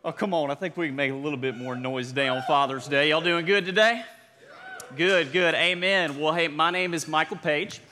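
Upbeat Southern young pastor, reverberant church. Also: male voice, fairly high pitch, normal speed, bright, forceful tone, a little hiss or hum. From South Georgia, USA. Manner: upbeat, calls to the congregation. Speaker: student pastor. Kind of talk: sermon. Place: church sanctuary.

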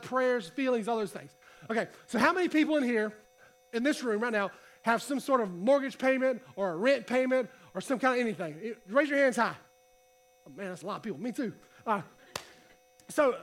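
A man preaching a casual sermon to a congregation, reading scripture and talking in a conversational, animated way. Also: extremely high pitch. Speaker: pastor. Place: church hall.

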